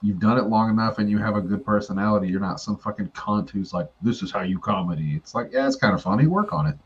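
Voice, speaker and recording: A man's voice: on the low side, fast, husky. A man in a casual podcast chat, blunt and crude, swearing freely. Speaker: podcast guest. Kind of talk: casual banter. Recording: dull lo-fi audio.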